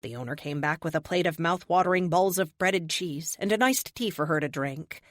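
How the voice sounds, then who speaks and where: A woman narrates an adventure audiobook with steady, expressive storytelling. Her voice sits a little low yet moves lively in pitch, recorded close and dry. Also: moderate pace, no echo. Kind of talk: scripted narration.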